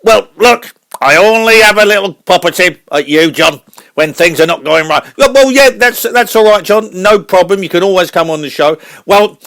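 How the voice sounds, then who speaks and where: A man putting on the voice of a gruff, blustering older boxing father, blunt and name-calling in a comedy radio sketch. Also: high voice, moderate pace, fairly bright tone. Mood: boastful.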